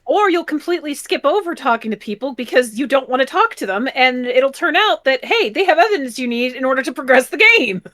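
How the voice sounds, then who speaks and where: A woman's voice: sits high, animated, a little fast, hardly any pauses, a bit bright. A woman co-playing a video game on stream, chatting casually and playfully explaining how the game works. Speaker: guest co-player on a game stream. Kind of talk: casual gaming chat.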